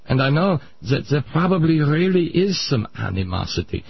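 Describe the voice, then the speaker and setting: A man's voice: a little high, very animated, normal speed, vocal fry, slightly rough, heavily acted. A man voicing a pompous older Viennese psychiatrist in a radio comedy bit, lecturing in a thick mock-German accent. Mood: smug. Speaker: comedy sketch character. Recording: muffled radio broadcast.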